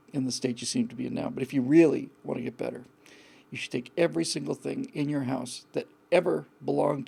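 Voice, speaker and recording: A man's voice: mid-range voice, creaky, dark tone, slightly rough. A man hosting a live call-in show, giving blunt, frank advice in a rambling way with many restarts. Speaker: host.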